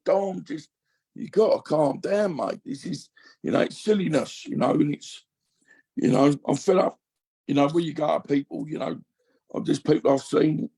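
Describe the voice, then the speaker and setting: A man's voice: a little high, gravelly, darkish tone, husky. A man in his fifties, a podcast guest speaking candidly and emotionally in a rambling, casual way. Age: 50s. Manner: rambling, emotional, full of you-knows.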